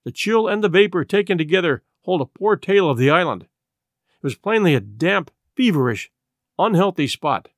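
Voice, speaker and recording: A man narrating a classic adventure novel in an expressive storytelling manner. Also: high-pitched, moderate pace, dry recording, studio quality. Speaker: audiobook narrator.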